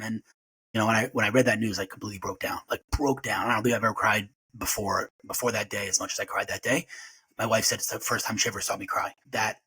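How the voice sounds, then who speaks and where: A man in his forties, a podcast guest sharing emotional memories in a rapid, halting way full of restarts. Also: on the low side, a bit bright, slightly rough, rough recording. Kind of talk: emotional personal remembrance.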